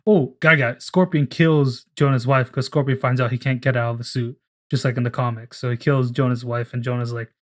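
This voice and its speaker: A young man in casual podcast talk, rambling as he pitches a story, swearing freely and briefly putting on voices for the characters. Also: fairly even intonation, fairly quick. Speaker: podcast co-host.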